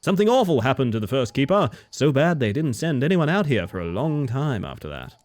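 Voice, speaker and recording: A man's voice: mid-range voice, sing-song, a little fast, darkish tone, natural voice. A man reading Jackie, a boastful old sea captain. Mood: friendly. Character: friendly boastful male fishing-boat captain.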